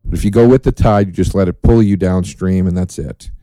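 A man hosting a solo podcast, talking in a profane, sardonic, rambling way with dark jokes. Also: low voice, steady tone, brisk, dry recording. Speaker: podcast host.

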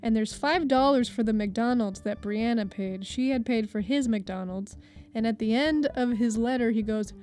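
Young woman, higher voice, lively storyteller, light music under the voice. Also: moderate pace. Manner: animated, acts out quoted voices, laughs through the telling. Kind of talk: casual personal storytelling.

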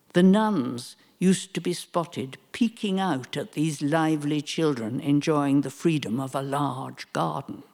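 Older woman, unhurried reader, measured storytelling voice for a prepared museum talk. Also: deep voice, darkish tone. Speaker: speaker giving a museum talk. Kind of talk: prepared family-history talk read aloud.

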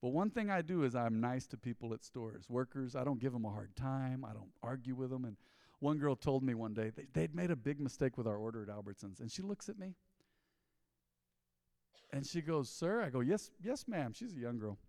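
A man's voice: mid-range voice, a little fast, gravelly, no room sound, studio quality, in a large hall. A male pastor, preaching a conversational sermon and acting out the people in his stories. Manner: animated storytelling, mimicking people in quoted asides. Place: church.

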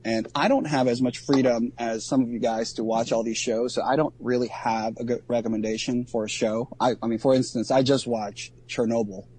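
A man co-hosting a podcast, talking casually in a halting way with many ums and restarts. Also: mid-range voice, fairly even intonation, darkish tone, slight background noise. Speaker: podcast co-host.

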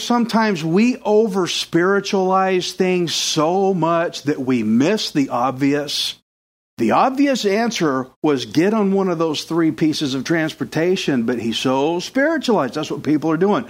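A male pastor preaching a sermon, telling stories with lively voices for the characters. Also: on the high side, measured pace. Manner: animated storytelling, puts on voices for characters.

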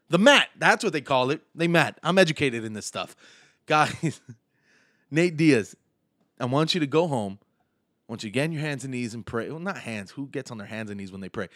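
A man's voice: mid-range voice, animated, moderate pace, a bit bright, no room sound, clean studio sound. A man with a slight lisp hosting a podcast, delivering a sarcastic, mocking comedic rant. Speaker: podcast host and stand-up comedian.

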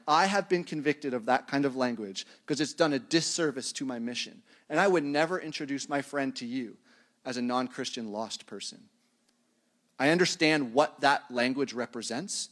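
A man's voice: mid-range voice, lively intonation, moderate pace, a bit bright. A male pastor delivering a sermon in a loose, conversational tone. He talks to the congregation like friends, poking fun at himself when he drifts off topic. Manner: conversational and self-deprecating, chuckles at his own tangents.

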